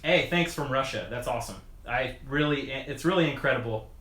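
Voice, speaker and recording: A man's voice: medium pitch, brisk, a bit bright, a little hiss or hum. A man chatting casually on a live stream while working on his bike, rambling with lots of fillers and restarts and chuckling often. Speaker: mountain bike video creator answering live chat. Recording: echoey room sound.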